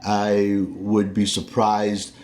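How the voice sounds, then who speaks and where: A man with a Southern American accent talks to camera in a slow, unhurried drawl. His voice sits fairly low, and his folksy talk keeps circling back on itself. A faint hum runs under the recording. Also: monotone, darkish tone. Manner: rambling, self-correcting, folksy. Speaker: vlogger. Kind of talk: casual talking-head monologue.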